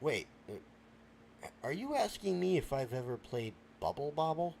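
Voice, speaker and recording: A man's voice: a little high, sing-song, a little slow, vocal fry, a little mellow, a little hiss or hum. A tipsy man hosting a late-night comedic rant, talking in an incredulous, exasperated way and stammering often. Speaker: podcast host.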